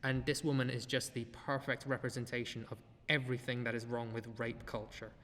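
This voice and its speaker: A man's voice: medium pitch, little pitch movement, a little fast, a bit bright, in a large hall. A man hosting a podcast, giving blunt, profane, sardonic commentary. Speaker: podcast host. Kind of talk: casual commentary.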